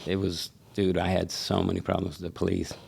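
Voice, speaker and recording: A middle-aged man from Seattle, a barber and shop owner, telling animated stories in casual chat and swearing freely. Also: deep voice, fairly quick, gravelly, slightly rough. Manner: animated storyteller who acts out quotes, swears freely. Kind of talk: casual storytelling.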